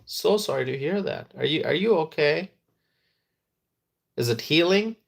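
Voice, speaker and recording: A man hosting a live stream, chatting with viewers and talking softly and slowly to rest his tired voice. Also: fairly high pitch, animated, vocal fry.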